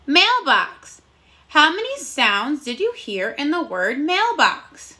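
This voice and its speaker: Bright, lively woman teaching first graders. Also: high-pitched. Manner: encouraging, slow and clearly enunciated, sounding out words. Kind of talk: recorded phonics lesson for children.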